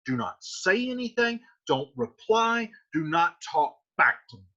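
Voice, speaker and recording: A man's voice: high-pitched, big pitch swings, a little slow, pushed and bright, exaggerated voice. A man voicing an enraged, domineering middle-aged father, reading the lines and then paraphrasing them. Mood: angry. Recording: dull lo-fi recording.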